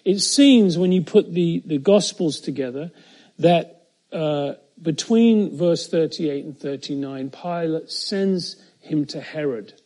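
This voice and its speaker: Male preacher, fairly high warm voice, steady verse-by-verse teaching with emphatic slowdowns. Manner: measured, emphatic, slows on key phrases; occasional fillers and self-corrections. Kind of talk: expository Bible teaching.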